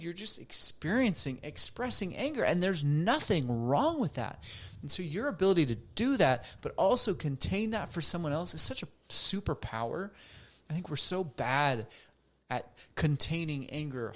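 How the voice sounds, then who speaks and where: A man's voice: on the high side, normal speed. Earnest man reflecting as counselor. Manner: earnest, animated when quoting others. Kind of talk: reflective monologue to camera.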